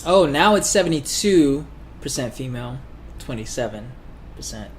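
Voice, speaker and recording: A young man co-hosting a casual livestream in a relaxed, hedging way. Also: medium pitch, moderate pace, slight background noise. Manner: laid-back, hedging, says yo and I mean. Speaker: livestream co-host.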